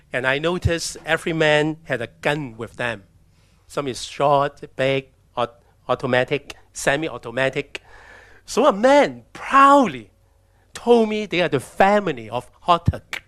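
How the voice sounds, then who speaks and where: A man from China, telling his personal story as a missionary in a halting way, often restarting his sentences. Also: medium pitch, fairly bright tone, dry recording. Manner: halting, with restarts and acted-out quotes. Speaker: missionary speaker. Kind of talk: personal testimony talk with slides.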